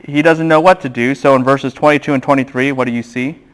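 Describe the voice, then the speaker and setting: A man giving a classroom Bible lecture, animated and quizzing the students with questions. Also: medium pitch, quick pace.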